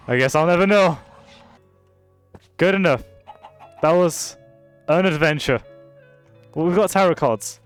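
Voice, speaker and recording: A young British man commenting casually on a game he is playing, swearing and reacting loudly to what happens on screen. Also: on the high side, smooth. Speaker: streamer.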